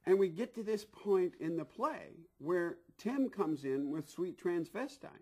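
A middle-aged man telling a long anecdote in an interview, animated, acting out what people said, with frequent restarts. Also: high-pitched, a little slow, husky. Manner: animated, acts out quoted voices, frequent restarts. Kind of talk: anecdotal storytelling.

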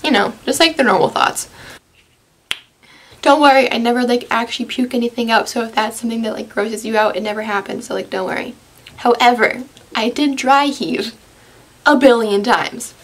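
A woman's voice: a little high, normal speed. A young woman vlogging, telling a story to camera in a sarcastic, self-deprecating and chatty way, full of "like". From United States.

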